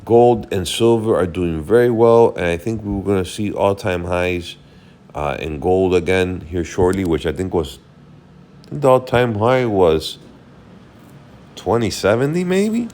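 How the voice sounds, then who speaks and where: Casting: weary male host, very low voice, loose unscripted market chat, faint hiss. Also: expressive, measured pace, darkish tone. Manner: rambling, thinks aloud while checking charts. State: tired, yawning. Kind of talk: casual market recap.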